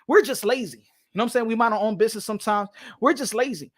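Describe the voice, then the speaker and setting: Brief: boxing channel host, New York man, animated profane rant, laughs a lot. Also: high-pitched, fast talker. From New York City. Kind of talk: casual rant to camera.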